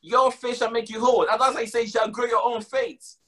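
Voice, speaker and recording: High-voiced man preaching emphatically. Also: fairly even intonation, brisk, bright, forceful tone. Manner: emphatic, repeats lines for stress; casual slang mixed with scripture. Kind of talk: sermon.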